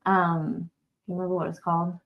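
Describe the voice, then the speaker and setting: A woman's voice: on the low side, completely flat delivery, brisk. A woman co-hosting a livestream, chatting casually and often asking questions. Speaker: livestream co-host. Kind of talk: casual chat. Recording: dull lo-fi sound.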